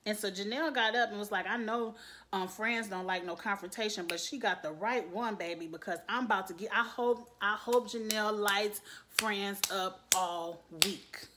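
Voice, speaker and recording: A woman's voice: mid-range voice, moderate pace, a bit bright, a little hiss or hum. A woman giving a blunt, sassy and profane recap rant about a reality show, swearing freely and laughing between points.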